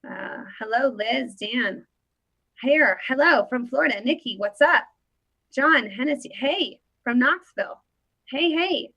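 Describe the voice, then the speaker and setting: Casual livestream host, woman in her thirties, bright tone, playful and talkative. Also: high voice, expressive, measured pace, muffled recording. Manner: chatty, greets viewers by name, playful.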